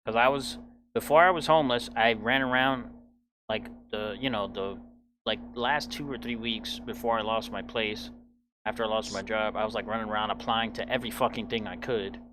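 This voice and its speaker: A man's voice: on the low side, normal speed, noisy background. A young man in his twenties telling a personal story in a casual, blunt, profane way. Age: 20s. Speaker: podcast host.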